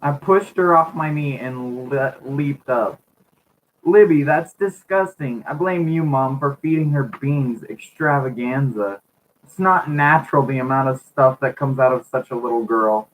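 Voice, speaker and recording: A man's voice: mid-range voice, measured pace, a little hiss or hum, rough recording. A man reading a children's book aloud for a video, repeatedly cracking up with laughter. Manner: giggly, keeps cracking up while reading.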